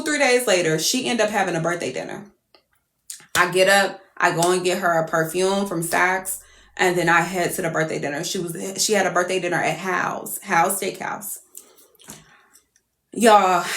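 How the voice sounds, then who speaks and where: A woman's voice: on the low side, pushed and bright, echoey room. A woman telling a story casually to her viewers, profane and exclamatory.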